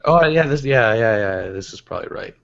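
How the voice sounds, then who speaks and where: A man's voice: mid-range voice, animated, a little fast, creaky, lo-fi sound. A man in a casual livestream discussion, emphatic and critical, prone to exasperated rants.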